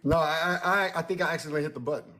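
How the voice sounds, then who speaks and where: A man co-hosting a casual chat, loud, hyped and profane. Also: on the high side, rapid-fire. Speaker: co-host.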